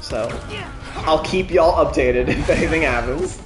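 A young man streams a video game with casual, profane commentary, and his voice jumps around in pitch. He laughs and blurts out loud reactions. The room is echoey, and game music plays behind him. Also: very animated, a little fast.

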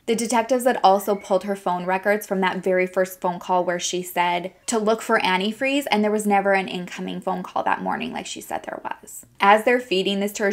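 A young woman casually narrating a true crime case, chatty and animated, with sarcastic asides. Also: medium pitch.

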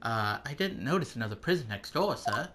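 A man's voice: mid-range voice, lively intonation, a little fast, background noise, close to an everyday voice. A man reading a nervous young lawyer. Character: young male Japanese defense lawyer, nervous and polite. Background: game music.

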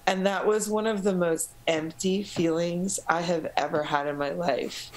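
A woman's voice: lowish voice, a little slow, rough recording. An American woman, a podcast guest, telling stories in casual, profane chat. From United States. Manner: profane, animated storyteller. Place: lives in Paris suburbs.

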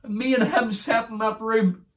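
A man's voice: high-pitched, fairly even intonation, moderate pace, fairly bright tone, recorded from a distance. A man with a Derry accent from Northern Ireland, giving an emotional testimony sermon as an evangelist. He speaks fervently and rises to exclamations, sounding close to tears. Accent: Derry, Northern Irish.

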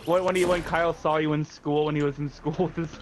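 A man's voice: a little high, flat delivery, quick pace, a little hiss or hum. A young man teasing his friends and scolding their jokes in a rowdy gaming voice chat. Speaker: gamer in voice chat. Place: voice chat from home.

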